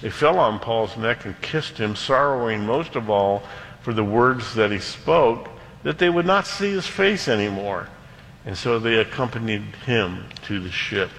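A man preaching a sermon, telling a story with lively voices for the characters. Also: on the low side, measured pace, in a large hall, slight background noise, low-quality recording. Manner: animated, voicing characters in anecdotes. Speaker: pastor.

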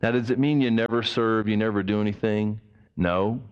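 A man preaching a sermon as pastor, animated, acting out the people he quotes. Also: fairly low pitch, normal speed, clear, resonant tone, lo-fi sound. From United States. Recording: long reverb of a church hall.

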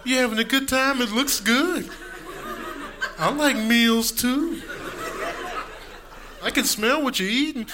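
A man voicing a hungry pet dog that begs sweetly and pitifully at the dinner table, in a high wheedling voice. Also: takes it slowly, pauses often, background noise. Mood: pleading.

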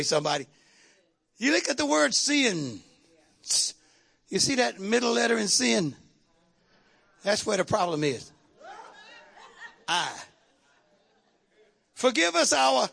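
High, gravelly-voiced preaching man. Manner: fervent, shouting call-and-response preaching. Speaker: pastor. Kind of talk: sermon.

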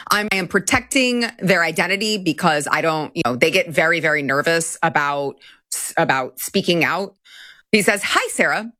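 A woman hosting a commentary show, talking casually in an animated, incredulous way with quick repeats. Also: lowish voice, no room sound.

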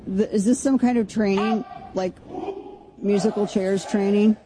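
A woman's voice: mid-range voice, fairly even intonation, a little slow, mellow. A woman hosting a talk radio show, riffing incredulously and jokingly on a video clip in a rambling way. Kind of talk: opinionated talk radio commentary.

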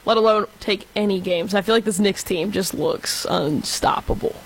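A man's voice: high voice, moderate pace, gravelly, breathy edge, poor audio. A man in his twenties from Texas who talks casual sports in a chatty way, full of fillers. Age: 20s.

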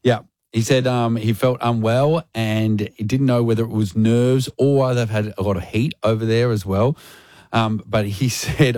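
A man's voice: mid-range voice, steady tone, unhurried, darkish tone, no room sound, clean studio sound. A man co-hosting a radio show, telling stories with a joking, chatty manner. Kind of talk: casual radio banter.

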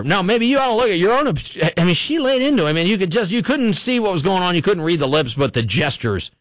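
A man's voice: fairly high pitch, big pitch swings, brisk, few pauses, dry recording. A man hosting a local radio talk show, rambling and wry as he comments on the news. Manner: rambling, wry, chuckling at his own jokes. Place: radio studio. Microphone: studio microphone.

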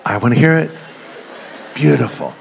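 A man's voice: medium pitch, sing-song, normal speed, vocal fry, a little hiss or hum. An older man preaching a sermon in a church, telling jokes and stories and speaking directly to the congregation. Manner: joking storyteller, direct with the congregation. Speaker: pastor. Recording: long reverb of a large hall.

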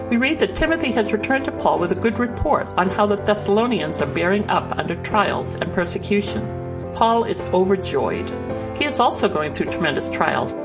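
A woman announcer reading a scripted introduction to a radio ministry program in a measured way. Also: mid-range voice, low-quality recording.

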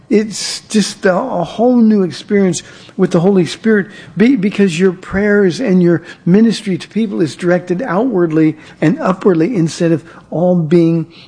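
A man's voice: high-pitched, warm tone, slightly rough. A male pastor preaching an earnest sermon, often repeating and restarting his words.

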